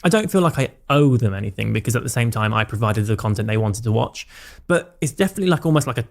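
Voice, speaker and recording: A man, a podcast guest talking candidly and reflectively, with many fillers and quick asides. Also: mid-range voice, animated, creaky. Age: 30s. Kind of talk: casual conversational interview.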